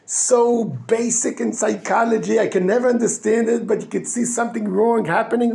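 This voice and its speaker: Rabbi, high and gravelly, lively teaching delivery with frequent restarts. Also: male voice. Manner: animated, acts out quoted speakers in raised voices; halting restarts while searching for English words. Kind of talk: weekly Torah talk.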